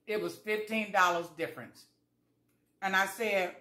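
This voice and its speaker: A woman's voice: medium pitch, unhurried, pauses often, sharp tone, roomy sound. Chatty woman vlogger eating on camera. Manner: chatty, talks to viewers as "y'all" while eating; folksy storyteller, acts out both sides of conversations. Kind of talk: casual eating vlog chat.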